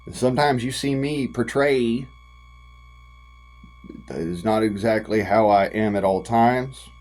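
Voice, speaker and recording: A vlogger from the United States, medium-pitched with a darkish tone, rants passionately straight into the camera. He's folksy and profane, stretching out his emphatic phrases, and the audio is poor.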